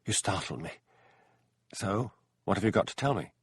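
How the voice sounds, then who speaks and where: A man's voice: deep voice, very animated, moderate pace, slightly rough, no room sound, studio quality, heavily acted. A man voicing a bouncy, wide-eyed young woman from London, eager and a little defensive.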